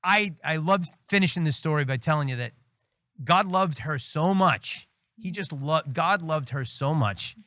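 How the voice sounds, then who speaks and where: Middle-aged New man, a priest guest telling stories; bright, lively delivery with voices acted out, dry close sound. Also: on the high side, measured pace, no room sound. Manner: animated storyteller, acts out quoted voices, laughs often. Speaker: priest and military chaplain, guest. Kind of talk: casual storytelling interview.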